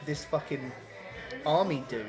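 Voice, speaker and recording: A man's voice: fairly high pitch, a little slow, music in the background. A young British man, a podcast co-host, telling a crude story in casual chat, swearing a lot and acting out the voices. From Britain. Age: young adult.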